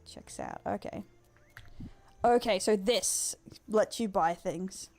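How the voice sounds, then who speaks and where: A woman's voice: mid-range voice, slow, darkish tone, faint music behind. An Australian woman giving casual, joking live-stream commentary while she plays a game, laughing often.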